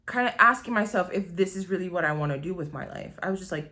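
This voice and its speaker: A woman's voice: on the low side, lively intonation, fast talker, few pauses, pushed and bright. Woman, 20s, vlogger, confessional storytelling, rambling, candid, swearing. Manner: candid, rambling, swears freely, many "like" fillers.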